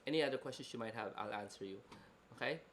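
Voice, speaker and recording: A man's voice: medium pitch, fast talker, fairly bright tone, slight background noise. A man with a Filipino accent hosting casual promotional talk about an online course, chatty and emphatic. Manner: chatty, emphatic, code-switching.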